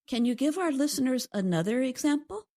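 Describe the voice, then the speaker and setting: A woman co-hosting an English lesson, giving calm, clear explanations of word meanings. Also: high voice, fairly quick. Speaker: co-host and English teacher. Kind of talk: scripted teaching dialogue.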